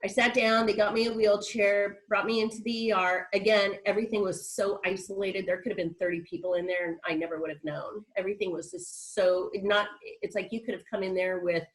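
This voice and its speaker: On a video call, a woman guest speaker shares her personal story candidly, quoting dialogue as she goes. Her medium-pitched voice sounds nasal from congestion and she's short of breath, and the audio quality is poor.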